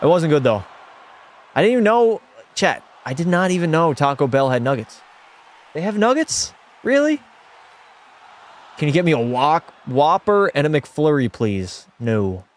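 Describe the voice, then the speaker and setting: Speaking at normal speed with a voice on the high side, the young man livestreams a hockey game, giving casual play-by-play. He gets excitable, chats a lot, answers his chat and does mock French-Canadian outbursts.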